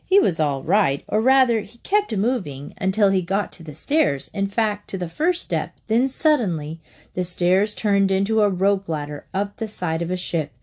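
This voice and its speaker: Reading a children's storybook aloud, a woman sounds lively and expressive. Her pitch is medium and she keeps a moderate pace.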